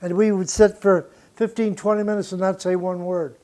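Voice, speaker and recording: An older man with a notably high speaking voice tells studio stories from his years as a record producer. He is blunt and profane and animated, breaking into laughter between anecdotes in a relaxed interview. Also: normal speed.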